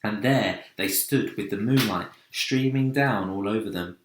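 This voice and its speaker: A man, a teacher, reading a children's book aloud in a slow, expressive storytelling voice. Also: fairly low pitch, reverberant, a little hiss or hum.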